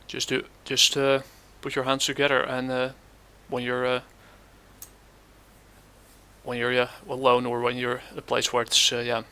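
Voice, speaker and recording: A man hosting a commentary channel, reacting scornfully to a clip, halting often with fillers. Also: medium pitch, monotone, bright, forceful tone, smooth.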